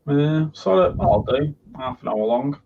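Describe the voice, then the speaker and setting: A man's voice: a little high, lively intonation, measured pace, creaky. A man co-hosting a casual motorsport chat show, rambling, tired and jokey, with plenty of swearing. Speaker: podcast co-host. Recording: muffled lo-fi sound with noise.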